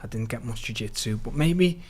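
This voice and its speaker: A man in his thirties with a broad Scouse accent, chatting as a guest on a podcast. He talks bluntly and with a lot of energy, swears freely and keeps dropping "lad" into his sentences. His voice sits at an ordinary male pitch. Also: expressive, moderate pace, a little mellow, husky. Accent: Liverpool (Scouse). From Liverpool, England. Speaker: guest, mixed martial arts fighter. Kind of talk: casual podcast chat.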